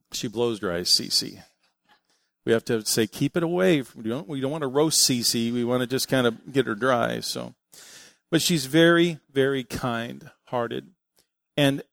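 A middle-aged man preaching a sermon, telling family stories in an animated way and acting out what people said. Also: mid-range voice, creaky, no echo, studio quality. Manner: animated storytelling, acting out quotes. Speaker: pastor.

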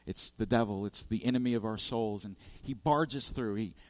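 A man's voice: fairly low pitch, moderate pace, a little mellow, no room sound. A man preaching a sermon, telling a parable with emphatic, repetitive lists and frequent restarts. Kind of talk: sermon storytelling.

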